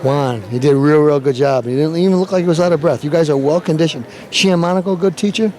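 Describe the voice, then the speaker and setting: A man's voice: fairly high pitch, quick pace. A man hosting his show, hyping the event and interviewing people in a playful, hammy showman manner. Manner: animated, playful hype-man delivery. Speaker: show host.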